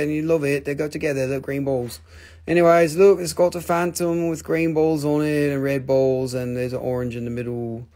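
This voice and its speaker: A man's voice: a little high, fairly even intonation, fairly quick, dark tone. Rambling, joking man selling crystals live. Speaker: crystal shop live-sale host. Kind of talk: casual live sales stream.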